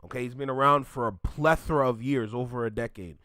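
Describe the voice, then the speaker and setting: A man's voice: medium pitch, a little fast, sharp tone, smooth, no room sound, clean studio sound. A man from Canada hosting a reaction video, ranting bluntly in casual commentary and laughing often.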